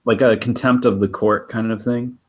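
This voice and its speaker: A man's voice: on the low side, fairly even intonation, normal speed. A young man in casual chat, asking tentative questions with fillers.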